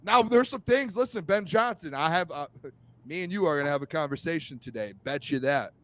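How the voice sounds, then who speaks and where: A young man co-hosting a sports talk show, excitable and teasing, often shouting. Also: fairly high pitch, fairly quick. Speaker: co-host.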